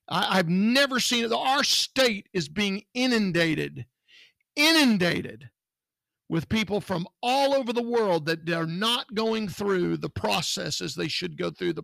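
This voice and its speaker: A man's voice: high-pitched, gravelly, sharp tone, dry recording. A man from Texas co-hosting a podcast, talking bluntly and indignantly in casual chat. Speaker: podcast co-host, security business owner.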